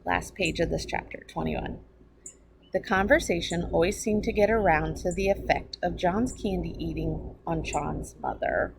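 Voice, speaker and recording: A woman's voice: on the low side, normal speed, creaky, rough recording. A woman teacher reading a children's book aloud, with chatty asides to her listeners. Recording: background noise.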